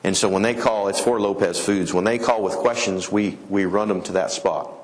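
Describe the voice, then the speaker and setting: A middle-aged man from Colorado giving a conference talk, an animated storyteller who acts out the people he quotes. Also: lowish voice, moderate pace. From Colorado, USA. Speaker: conference speaker. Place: conference hall.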